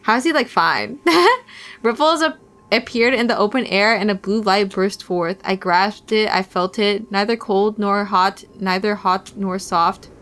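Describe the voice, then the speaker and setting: A woman's voice: medium pitch, measured pace, a bit bright. A young woman streamer reading a visual novel aloud, with playful, giggly asides to chat.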